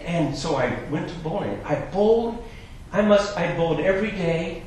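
A man with a fairly high voice preaches to a congregation, mixing comic storytelling with earnest exhortation. His voice rings through a very echoey hall with a faint hiss of noise behind it. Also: expressive, moderate pace. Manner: storytelling, jokey, swinging between quiet asides and raised preaching. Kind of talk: sermon with humorous personal story. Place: church hall.

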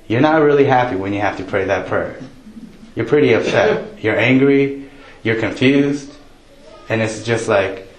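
A man delivering a sermon in a chatty, joking way, his voice sitting in a middle pitch. He acts out people's prayers in a raised voice. The sound carries a roomy echo, as if from a church hall. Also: expressive, a little slow, pauses often. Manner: conversational, jokey, quotes prayers in raised voice. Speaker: pastor.

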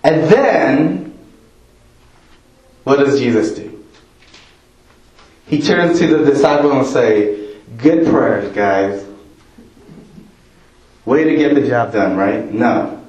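A man's voice: medium pitch, takes it slowly, pauses often, darkish tone. A man preaching a sermon, talking to the congregation in a conversational way and asking them questions. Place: church. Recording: roomy church echo.

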